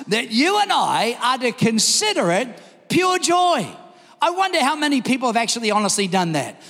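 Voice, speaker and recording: A man preaching a sermon, telling a story with energy and shouting the quoted lines. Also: very high-pitched, sing-song, normal speed. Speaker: pastor. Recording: long hall reverb.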